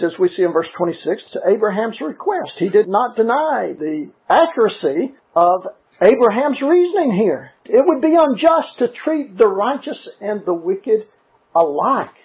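Male preacher, high husky voice, emphatic and deliberate, tinny phone-like recording. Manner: emphatic, deliberate, slows on key words. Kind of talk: sermon.

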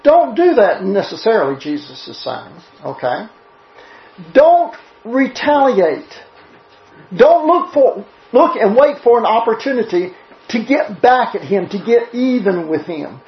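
A man preaches with a lively, swinging pitch, pressing his points with emphatic rhetorical questions. His voice carries in a roomy space. The recording is a little dull and muffled. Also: measured pace. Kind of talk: sermon-style Bible teaching. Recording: roomy, slightly dull sound.

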